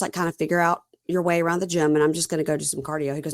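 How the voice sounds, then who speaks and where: A woman's voice: low voice, rapid-fire, hardly any pauses, no room sound, clean studio sound. A woman hosting a podcast, recapping a reality show in casual chat and quoting each scene back and forth. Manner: retells scenes by quoting both sides in her own voice, chatty and animated. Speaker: podcast host.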